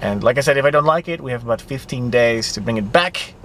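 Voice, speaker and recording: Talking fast with lively intonation, this vlogger has a medium-pitched, fairly bright voice and speaks Dutch as his first language. He rambles casually to camera with many fillers, recorded on a handheld camera mic with light background noise.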